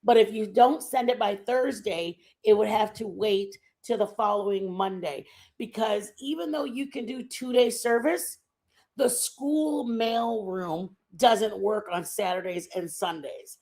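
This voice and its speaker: A middle-aged woman hosts a casual livestream chat, her mid-range voice a little slow and mellow. She tells rambling stories about home, chatty and packed with fillers.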